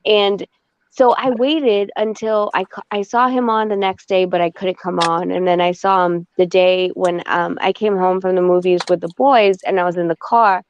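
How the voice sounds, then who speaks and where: A woman on a podcast telling a story in casual chat, animated and swearing, acting out the back-and-forth she had. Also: lowish voice, moderate pace, clean tone. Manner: animated, swearing, acts out quoted exchanges. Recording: dull lo-fi dry sound.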